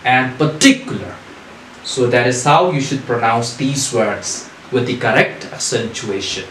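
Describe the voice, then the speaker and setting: A man teaching a recorded lesson, asking questions and answering them himself in a deliberate way. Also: medium pitch, fairly bright tone, a little hiss or hum. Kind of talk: recorded online English lesson. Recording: echoey room.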